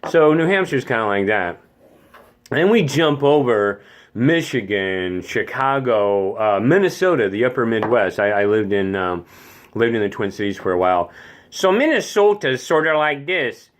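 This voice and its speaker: A man's voice: mid-range voice, animated, normal speed. Goofy guy rambling about accents, casual and silly. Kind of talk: casual comedic monologue.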